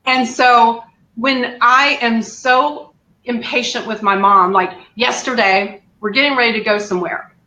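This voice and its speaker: A woman, candidly telling a lively story as an interview guest, acting out the lines she quotes. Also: a little high, unhurried. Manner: animated, acts out quotes, laughs often. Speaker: guest caring for her mother. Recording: echoey room.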